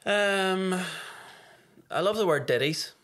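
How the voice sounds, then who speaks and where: A man's voice: high voice, slow, fairly bright tone. A Northern Irish man chatting casually as a podcast guest, laid-back and dry. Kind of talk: casual chat.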